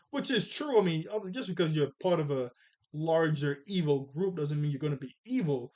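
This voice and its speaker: A man casually recapping a cartoon episode, animated and chatty, acting out the characters' lines in jokey voices. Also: a little high, brisk. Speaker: cartoon reviewer.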